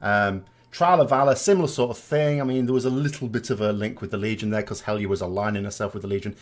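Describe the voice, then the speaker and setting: A man's voice: lowish voice, fast talker. A British man chatting casually as a gaming vlogger, reading out viewer comments and answering them with rambling asides and tag questions.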